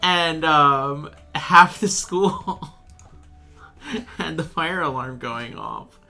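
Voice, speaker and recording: A young man chatting while he plays a game, telling a rambling, animated story and swearing freely. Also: fairly high pitch, drawn-out words, faint music behind. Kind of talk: casual storytelling chat.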